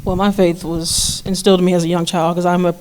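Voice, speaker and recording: A woman coach from Texas answers a panel question, speaking softly and hesitantly with plenty of fillers. Her pitch stays fairly level throughout. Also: little pitch movement, fast talker, clean tone. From San Antonio, Texas. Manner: soft, hesitant, many fillers. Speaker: college coach. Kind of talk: panel answer about faith.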